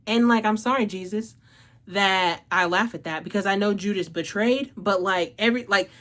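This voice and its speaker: On her casual book review channel, a woman gushes emotionally, saying "like" constantly, swearing, and laughing a lot while sounding a little out of breath. Her voice is medium in pitch and a bit bright, at a moderate pace.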